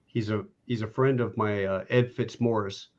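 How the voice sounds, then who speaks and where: A man's voice: fairly low pitch, fairly even intonation, moderate pace, a little mellow, lo-fi sound. A man hosting a podcast, chatting in an easygoing, rambling way. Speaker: podcast host. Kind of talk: casual conversation.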